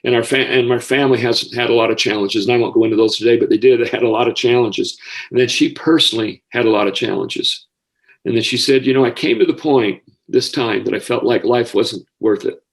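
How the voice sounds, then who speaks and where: Older American man, guest storyteller, sincere and emotional, mid-pitched voice. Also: steady tone, brisk, poor audio. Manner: heartfelt, gets emotional easily. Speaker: guest, former school counselor. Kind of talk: personal storytelling.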